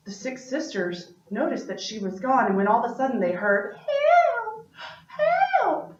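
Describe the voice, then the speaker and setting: A woman's voice: medium pitch, a little fast. A woman telling a story aloud as a performance, playful and chatty with asides to her listeners. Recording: roomy, distant, dull-sounding room recording.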